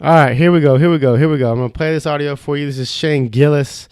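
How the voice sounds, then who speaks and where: A man's voice: fairly high pitch, fairly even intonation, fast talker, darkish tone, clean tone, no echo, studio quality. A young man hosting a podcast alone, rambling in a heated, profane, casual way. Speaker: podcast host. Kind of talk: casual solo podcast rant.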